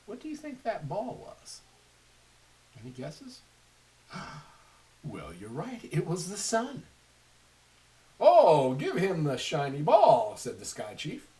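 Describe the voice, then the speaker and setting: A man reading a picture book aloud to children, stopping to ask his listeners questions. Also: medium pitch. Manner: animated, asks the listeners questions. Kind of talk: read-aloud storytelling. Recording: faint hiss, a little distant from mic.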